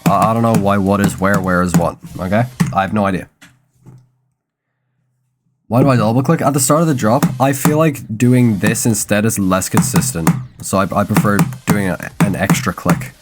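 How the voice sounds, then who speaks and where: A man's voice: on the low side, normal speed. Young man, rambling over game music. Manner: rambling, chatty, reads chat aloud, stumbles over words. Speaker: streamer. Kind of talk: casual gaming stream chat. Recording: game music playing under the voice.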